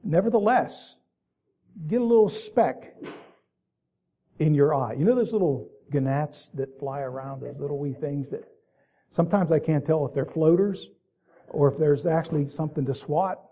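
A man giving a slow, folksy sermon with deliberate, emphatic repetition. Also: a little high, husky. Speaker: preacher. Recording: tinny, phone-like lo-fi recording.

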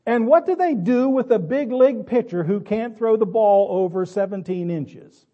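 A man's voice: high voice, normal speed, lo-fi sound, pitched above the performer's own voice, close to an everyday voice. A man voicing an irritable old baseball coach who barks pointed questions at a crowd. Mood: quizzing.

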